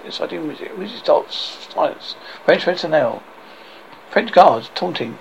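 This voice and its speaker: A man's voice: on the high side, big pitch swings, measured pace, vocal fry, highs cut off, slight background noise. A man reading a film script aloud, calling out character names and stage directions in a casual read-through.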